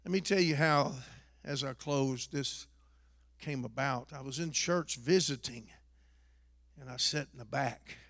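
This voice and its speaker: A man preaching a sermon testimony, moving from hushed storytelling to loud, impassioned exhortation. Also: medium pitch, unhurried, creaky, dry recording, clean studio sound, in a large hall. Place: church.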